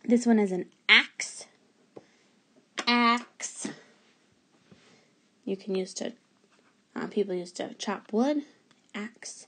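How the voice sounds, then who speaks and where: Slow, patient woman teacher sounding out letters. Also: mid-range voice, fairly bright tone, husky. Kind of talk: remote phonics lesson for young children.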